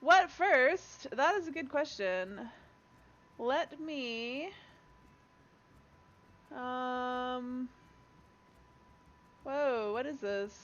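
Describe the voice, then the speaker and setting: A woman's voice: high voice, expressive, drawn-out words, long pauses, a bit bright, a little hiss or hum. A young Canadian woman streaming a game, chatting and laughing with viewers and a friend. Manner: chatty, laughs often, talks to chat and a friend. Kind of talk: casual gaming stream chat. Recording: dull lo-fi stream audio.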